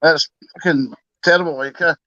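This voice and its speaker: Laid-back guest on a dull line. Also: male voice, a little high, steady tone, normal speed, pushed and bright, no echo. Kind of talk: casual fan podcast chat. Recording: dull, dry remote line.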